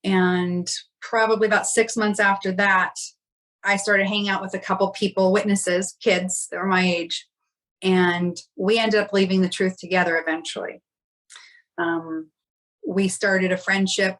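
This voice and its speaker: A woman's voice: medium pitch, fairly bright tone, rough recording. A woman, a podcast guest, telling a personal story in a candid, reflective way and often acting out quoted dialogue.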